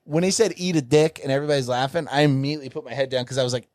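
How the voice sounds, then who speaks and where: A man's voice: mid-range voice, racing, no echo, studio quality. A young man on a podcast telling comedic stories in a casual, profane way, acting out the people he quotes. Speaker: podcast co-host.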